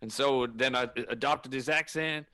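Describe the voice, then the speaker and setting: A man voicing a fake Southern American preacher who rambles in a deadpan drawl, improvised for comedy. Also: mid-range voice, moderate pace, natural voice. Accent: Southern US, put on.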